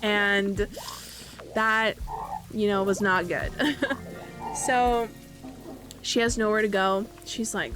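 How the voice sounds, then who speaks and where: A woman's voice: mid-range voice, slow pace, long pauses, over music. A woman host casually narrating a game storyline in a chatty way, with lots of fillers and tag questions. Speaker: channel host.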